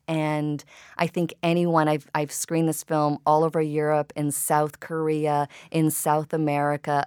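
A woman's voice: sits low, a little mellow, smooth, no echo, studio quality. A woman filmmaker interviewed about her work, talking reflectively and telling stories. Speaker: filmmaker guest. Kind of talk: interview conversation.

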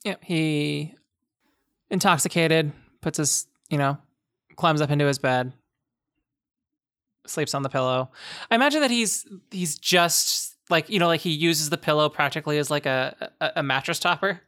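A woman's voice: low-pitched, normal speed, fairly bright tone, no room sound, clean studio sound. A woman game master narrating a tabletop game in a rambling way, with lots of restarts and laughs.

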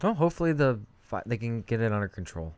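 A man's voice: mid-range voice, sing-song, quick pace, darkish tone, clean tone, no room sound. A young man co-hosting a casual podcast, rambling in a laid-back way and trailing off mid-sentence. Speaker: podcast co-host.

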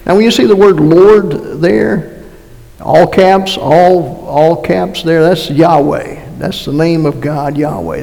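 A man's voice: on the high side, slow, gravelly, dark tone. A man preaching a conversational sermon with a Massachusetts accent, folksy and joking, with frequent restarts. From North Carolina. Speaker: pastor. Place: church sanctuary. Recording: long reverb of a church hall.

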